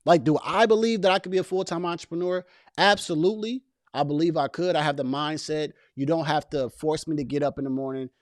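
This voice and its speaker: A man's voice: a little high, no room sound, clean studio sound. A man hosting a casual commentary video, talking passionately and directly to viewers with plenty of slang about keeping a job while building a business. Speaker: host reacting to a podcast clip.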